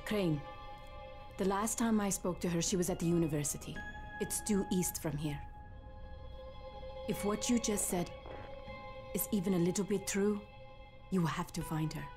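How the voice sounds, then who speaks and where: Actor voicing serious survivor leader in a game, sounds a bit distant, music under him. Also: male voice, sits high, normal speed, pauses often, close to an everyday voice. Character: calm male survivor leader on a radio.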